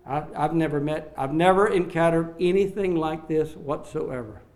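Man, sermon, slightly high voice, dramatic delivery, lingers on key phrases. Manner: dramatic, acts out the quoted lines with sharp rises and drops in loudness; slows right down on key quoted phrases. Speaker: preacher. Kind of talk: expository sermon.

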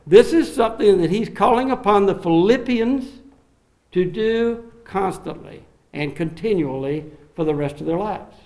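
A middle-aged man, a pastor, delivering an expository sermon in a lively, teaching manner with occasional fillers. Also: high voice.

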